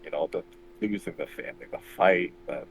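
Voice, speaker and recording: A man playing a tabletop game, talking casually in a soft, hesitant way. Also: very deep voice, steady tone, fairly quick, a little hiss or hum, poor audio. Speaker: player.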